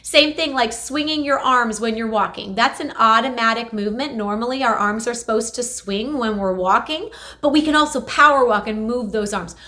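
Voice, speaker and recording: A woman speech therapist talks through exercises for patients, energetic and emphatic. Her voice sits a touch high and sounds bright and forceful. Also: moderate pace. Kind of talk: instructional health video.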